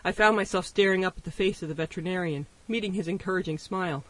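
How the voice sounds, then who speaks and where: A man's voice: high-pitched, fast, a bit bright, no echo. A man narrating an audiobook in a wry first-person storytelling manner. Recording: voice distant from the mic.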